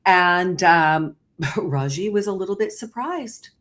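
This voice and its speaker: The host of this live online talk show is a woman speaking by video call. She tells her story fast and forcefully, with big upward pitch jumps marking the key moments.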